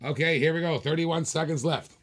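A man's voice: fairly high pitch, a little fast, a bit bright. A man hosting a live toy car auction, joking and urging bidders on, a little short of breath.

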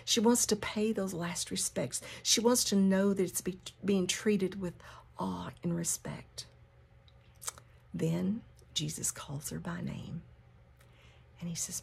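Woman, Bible study teacher, very breathy, gravelly, unhurried, whispers for emphasis. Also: mid-range voice. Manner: drops to a hushed whisper for emphasis; repeats key phrases slowly. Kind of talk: scripture reading and teaching.

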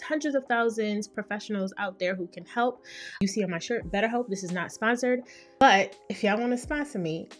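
A woman, hosting a casual solo podcast as a therapist and talking candidly and playfully. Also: medium pitch. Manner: candid, playful, acts out quoted voices.

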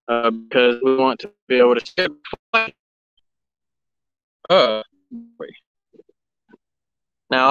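Standing by the railroad tracks with his phone, this railfan livestreamer chats casually and says hello to viewers by name. He has a medium pitch and a bright, forceful tone, though the audio is dull. Running engines and background noise fill in behind him.

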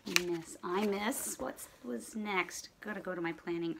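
A woman teacher at home giving a writing lesson to young children, slowly sounding out letters and sounds. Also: medium pitch, expressive, noisy background. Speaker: primary school teacher.

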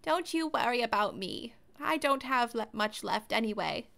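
A woman voicing a kind, frail old grandmother in a game, with a soft motherly manner. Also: fairly high pitch, lively intonation, moderate pace, gravelly. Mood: soft sad. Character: kind frail old granny, gentle and doting. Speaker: game voice reader.

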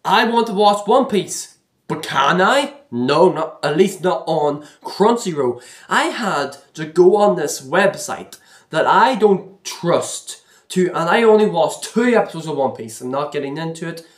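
A man's voice: a little high, animated, a little slow. Exasperated man ranting in an echoey room. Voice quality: rambling, repeats himself, frequent restarts. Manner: exasperated, complaining. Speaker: vlogger. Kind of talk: casual rant to camera.

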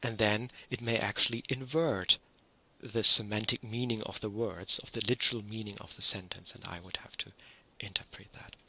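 A man giving an online university lecture, explaining in a measured way with frequent ums and restarts. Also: on the low side, steady tone, bright, forceful tone, breathy edge, poor audio.

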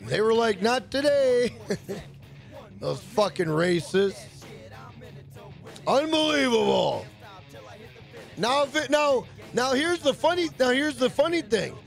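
This gaming streamer speaks in a very high, sing-song, gravelly voice, a little on the slow side, with faint music underneath. He chats profanely and rambles with jokes while reading his audience's chat aloud during a live game.

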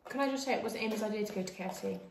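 A woman's voice: mid-range voice, very fast, slight background noise. A young woman chatting casually while she eats, bubbly and talkative, her mouth often full. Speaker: co-host. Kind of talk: casual chat while eating. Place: indoor room, seated at a table. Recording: echoey room.

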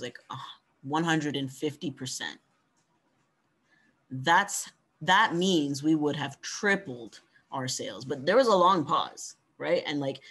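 Conversational man coaching on pitching. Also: fairly bright tone. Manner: conversational, frequent "right?" tag questions; coaching, encouraging. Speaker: workshop presenter. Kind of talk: online workshop talk.

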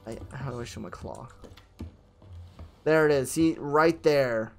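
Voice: mid-range voice, unhurried, soft background music. A solo player giving casual gameplay commentary, talking to themself, playful with gasps and sing-song noises, and grumbling under their breath when frustrated. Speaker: solo game streamer.

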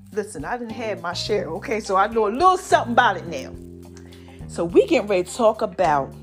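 A woman hosting her own podcast, talking in an animated, drawn-out style full of "baby" and "y'all", her voice a little strained from allergies. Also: a little high. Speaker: podcast host. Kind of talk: solo podcast talk.

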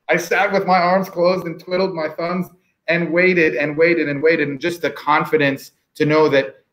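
A man speaking as a pitmaster guest in a casual panel discussion, telling stories in an animated, chatty way. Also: a little high, moderate pace. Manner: animated storyteller, warm and chatty.

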